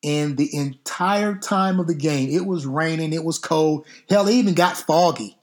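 A middle-aged man, a football coach hosting a podcast, telling stories casually in an unhurried, drawn-out way with some mild cursing. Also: fairly high pitch. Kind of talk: casual storytelling.

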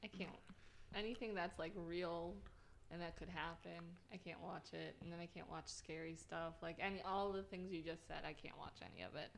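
Giggly woman with a gravelly voice. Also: lowish voice, steady tone, normal speed, a little hiss or hum. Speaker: parent. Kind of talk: casual chat.

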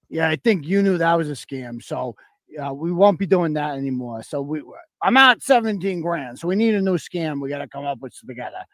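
A man's voice: a little high, dry recording. A man putting on a sleazy, scheming husband, leaving a rambling, sheepish confession on a voicemail.

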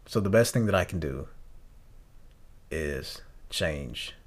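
A young man hosting a podcast, talking earnestly and reflectively, often halting and restarting his sentences. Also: rumbling low, animated. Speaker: podcast host. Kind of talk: reflective personal talk.

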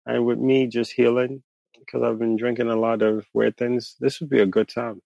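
A man's voice: mid-range voice, level tone, normal speed, gravelly, warm tone, dry recording, highs cut off. A young man co-hosting a podcast, joking and laughing through casual banter. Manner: playful, jokey, laughs often. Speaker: podcast co-host.

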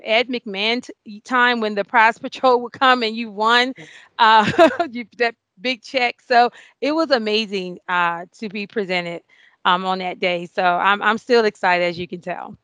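A woman in her forties, a nurse being interviewed, telling an emotional story with many fillers and excited outbursts. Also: fairly high pitch, normal speed, clean tone, no room sound. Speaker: award-winning nurse guest.

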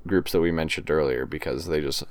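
A man co-hosting a podcast, slowly describing a spooky story scene in a measured storytelling way. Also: a bass voice, no room sound. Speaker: podcast co-host.

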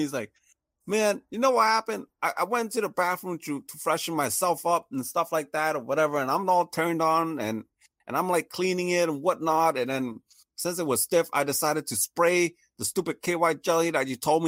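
A man's voice: on the high side, a bit bright, no echo, clean studio sound. A man telling a funny story in casual chat, laughing often and acting out the voices of the people in it.

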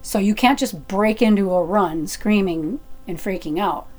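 A middle-aged woman telling a personal story in a chatty, animated way, with fillers and restarts. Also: medium pitch, measured pace.

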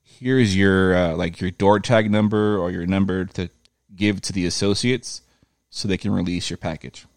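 A man with a low voice tells a rambling story in a loose, profane way and slips into voices for the people in it. The sound is dry and close. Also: moderate pace, no echo. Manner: profane, animated retelling with quoted voices. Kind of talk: casual storytelling chat.

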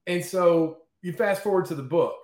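Chatty guy on an interview, fairly high voice, keeps going "okay? right?", echoey room. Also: normal speed, darkish tone. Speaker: interview guest. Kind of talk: casual storytelling in an interview.

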